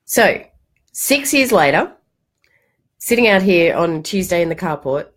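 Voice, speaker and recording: A woman's voice: on the low side, measured pace. A middle-aged woman giving a casual livestream talk as a money coach, telling stories animatedly and swearing now and then. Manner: animated storytelling, acts out quotes, casual swearing.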